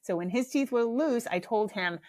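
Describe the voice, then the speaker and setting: A middle-aged woman tells a funny family story on her podcast. She talks casually, animated and self-mocking, and swears without a second thought. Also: a little high, moderate pace. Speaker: podcast host.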